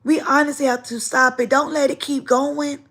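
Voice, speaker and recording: This livestream host and teacher has a high-pitched voice and a moderate pace. She relates stories in a casual setting, leaning on emphatic, animated delivery and repeating herself for effect.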